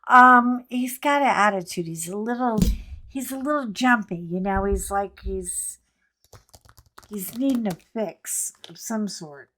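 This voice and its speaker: Woman rambling thru a funny story, slow easy pace, keeps talking to the viewers. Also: medium pitch, bright, forceful tone, a little hiss or hum. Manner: chatty, rambling, playful asides to viewers. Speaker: host. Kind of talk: casual storytelling rant.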